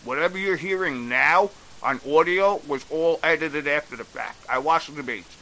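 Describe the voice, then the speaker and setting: A man's voice: on the high side, moderate pace, pushed and bright, low-quality recording. A man delivering a blunt, exasperated opinion rant on a vlog, swearing freely as he goes. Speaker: political commentator.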